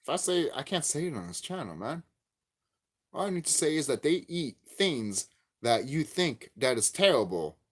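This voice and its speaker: A man giving a profane, angry vlog rant about a game, repeating himself and cursing. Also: normal speed. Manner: angry, profane, repetitive ranting; lively swinging pitch, gets loud and high when worked up. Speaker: YouTube game commentator. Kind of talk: ranting vlog commentary.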